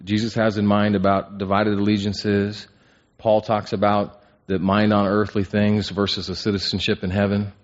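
A man's voice: on the low side, monotone, moderate pace. A man teaching an interactive Bible class, asking the group questions and restarting his phrases with repeated words. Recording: dull lo-fi recording.

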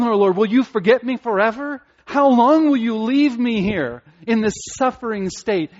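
A middle-aged man preaching a sermon, earnest and emphatic, rising to passionate peaks and dropping to soft, intimate asides. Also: on the high side, lo-fi sound. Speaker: pastor.

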